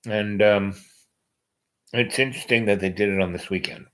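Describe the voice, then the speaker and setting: A man's voice: fairly low pitch, steady tone, moderate pace, fairly bright tone, rough recording. A man hosting a podcast, talking in a meandering casual monologue with many fillers and restarts. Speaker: podcast host.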